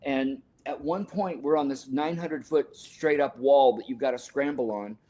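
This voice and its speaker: A sports scientist and author, an older man, speaks as a podcast guest about a personal experience. He sounds mellow and medium-pitched at a normal speed, earnest and emotional, every so often correcting what he's said.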